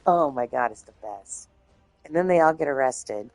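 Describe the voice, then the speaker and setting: A woman streamer chatting casually and rambling, swearing freely, her voice slightly hoarse. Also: low-pitched, big pitch swings, moderate pace, no room sound, soft background music. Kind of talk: casual chat.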